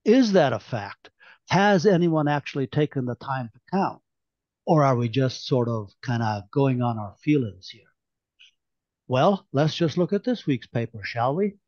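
A man's voice: medium pitch, lively intonation, a little slow, a little mellow, no room sound, highs cut off, natural voice. Sarcastic activist woman Merica, as a male author reads her. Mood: indignant. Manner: sarcastic, pointed rhetorical questions. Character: indignant sharp-tongued woman activist.

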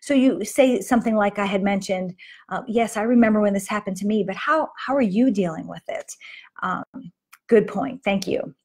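A woman's voice: medium pitch, moderate pace, a little mellow, slightly rough. A middle-aged woman hosting a faith-based moms' talk, chatting conversationally with frequent restarts and fillers. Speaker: host of a moms' ministry talk. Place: Las Vegas.

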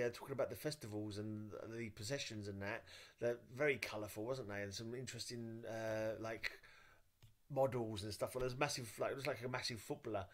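An English man hosting a reaction video, giving rambling, hesitant casual commentary. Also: mid-range voice. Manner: rambling, hesitant, lots of uh and restarts.

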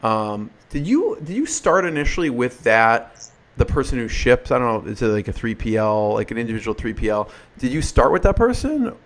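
A man hosting an interview, asking brisk questions with quick affirmations. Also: mid-range voice, big pitch swings. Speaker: interview host. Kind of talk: conversational interviewing.

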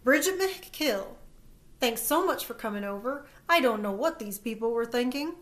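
Chatty fussy grandma, bit high and cheery, woman reading it. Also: animated, normal speed, fairly bright tone. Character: warm chatty older grandmother.

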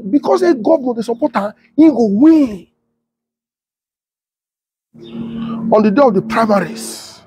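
A middle-aged Nigerian man speaks in a strong Pidgin accent with a high, husky voice. He tells his story casually and with energy, repeating himself and turning to ask his viewers questions. The sound is close and dry. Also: no room sound. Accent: Nigerian Pidgin English. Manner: animated, repeats himself, talks straight to viewers. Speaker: political commentator.

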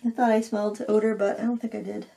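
Gravelly-voiced woman painting and thinking aloud. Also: mid-range voice, level tone, quick pace, warm tone. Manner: thinking aloud while painting, self-critical and candid. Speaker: craft video host. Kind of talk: casual painting tutorial talk.

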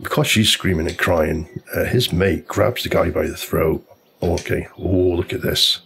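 A man's voice: sits low, steady tone, moderate pace, creaky, a bit bright, slight background noise. A man casually telling a long, rambling story while commenting on a golf video game. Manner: chatty storyteller, loose and informal, many restarts.

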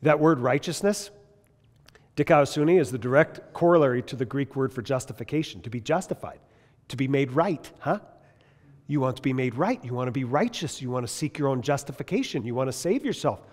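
A man teaching a Bible class in a lively, conversational way, asking his listeners questions as he goes. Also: medium pitch, a little fast, big-room sound. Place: large classroom or hall.

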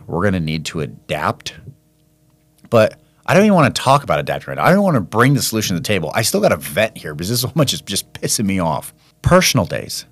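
Low-voiced man ranting animatedly. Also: no room sound. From California. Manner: animated storytelling, acts out dialogue in quoted voices. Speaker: podcast host and business owner. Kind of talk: ranting monologue.

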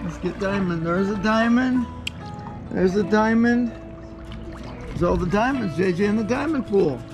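A man's voice: sits high, animated, measured pace, poor audio. A man playing with his son at a swimming pool, talking patiently, encouraging and teasing him. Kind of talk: casual playful chat with a child. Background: music.

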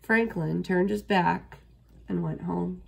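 Woman reading a kids book aloud, gravelly and a bit husky, mid pitch. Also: takes it slowly. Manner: steady, expressive read-aloud. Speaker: storyteller.

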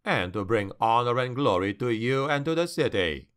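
A man voicing a cunning male dark elf noble in a fantasy audiobook, calm, even and persuasive. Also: mid-range voice, moderate pace, smooth, close to an everyday voice.

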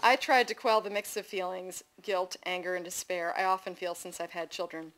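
A woman's voice: fairly low pitch, a little fast, low-quality recording. Woman reading her memoir stories aloud. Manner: lively, amused asides to the audience. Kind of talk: live reading of personal essays. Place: festival reading event before an audience.

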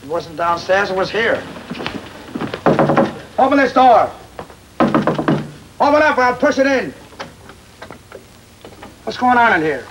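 An actor playing a blunt, tough homicide detective in a 1940s film, brusque and forceful. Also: male voice, high voice, sing-song, takes it slowly, long pauses, background noise, heavily acted. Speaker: police detective.

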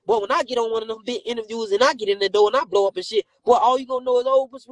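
A man's voice: very high voice, very fast, no echo, rough recording. A man ranting on a phone live stream, brash and confrontational, firing profane insults at his critics. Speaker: rapper and comedian on a live stream.

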